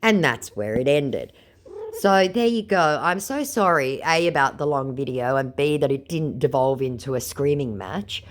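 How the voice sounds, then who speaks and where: Tired woman vlogger, casual, sarcastic, lively lowish voice. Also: normal speed. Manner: sarcastic, chatty, many fillers. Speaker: scambaiting vlogger. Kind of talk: casual vlog narration.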